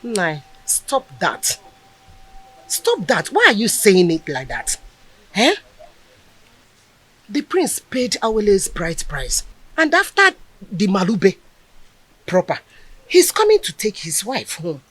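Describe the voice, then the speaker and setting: Casting: a calm Nigerian wife, slow, breathy, animated pitch. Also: female voice, full character voice. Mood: reassuring. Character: reassuring traditional mother, confident.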